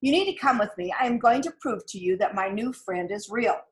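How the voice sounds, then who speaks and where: A woman's voice: medium pitch, lively intonation, fairly quick, lightly acted. A woman voicing an eager, stubborn little girl. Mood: insistent. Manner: bright, insistent, earnest. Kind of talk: storybook read-aloud.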